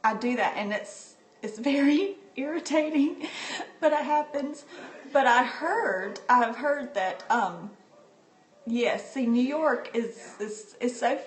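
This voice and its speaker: Slow-talking, chatty woman on a livestream. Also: fairly high pitch, lively intonation. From North Carolina, USA. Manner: chatty and unhurried, laughs often while talking. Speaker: livestream host. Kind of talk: casual chat to viewers. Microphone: phone or tablet held by the speaker. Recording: roomy livestream phone audio.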